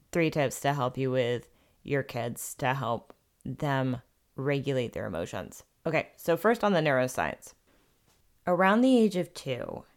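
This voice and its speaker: Low-voiced woman hosting a parenting podcast. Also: clean tone. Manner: warm, earnest, conversational parenting advice. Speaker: podcast host. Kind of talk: solo podcast talk.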